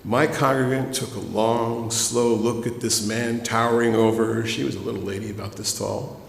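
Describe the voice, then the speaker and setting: A man's voice: medium pitch, level tone, moderate pace, vocal fry. A man, a minister, giving a sermon in a conversational storytelling way and speaking directly to his congregation. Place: church sanctuary. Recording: echoey hall ambience.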